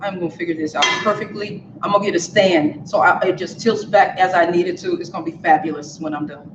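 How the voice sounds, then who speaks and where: A woman's voice: lowish voice, steady tone, fast talker, noisy background. A woman hosting a live cooking demo from her kitchen, talking straight to viewers and laughing often. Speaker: cooking show host. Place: home kitchen. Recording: echoey kitchen, dull lo-fi sound.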